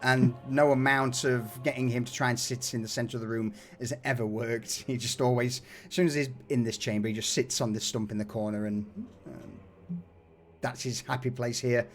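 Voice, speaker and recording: A man running a tabletop game as game master, narrating scenes in a relaxed, descriptive way with frequent fillers. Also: medium pitch, normal speed, faint music behind.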